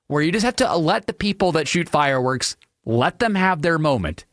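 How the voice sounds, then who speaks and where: Animated ranting male radio host. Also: normal speed, dry recording, clean studio sound. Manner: animated, ranting, mocks people in high silly voices. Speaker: radio talk show host. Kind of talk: opinionated solo radio talk. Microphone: studio microphone.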